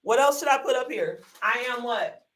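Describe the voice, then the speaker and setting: A woman's voice: fairly high pitch, animated, moderate pace, a bit bright, recorded from a distance, poor audio. A woman hosting a live online workshop, chatty and encouraging, full of y'all, calling viewers honey and sugar into a desk microphone. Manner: folksy, uses y'all often. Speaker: workshop host.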